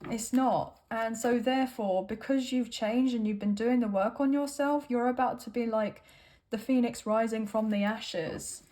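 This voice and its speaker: Casual tarot reader, woman, talking loosely to camera with fillers and "right?" checks. Slightly high voice. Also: steady tone, moderate pace, dark tone. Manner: chatty, rambling, with frequent fillers and "right?".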